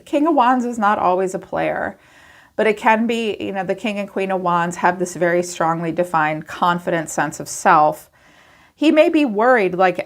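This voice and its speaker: A woman giving a chatty tarot reading to camera, acting out quoted thoughts in animated asides. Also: on the low side, normal speed. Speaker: tarot reader.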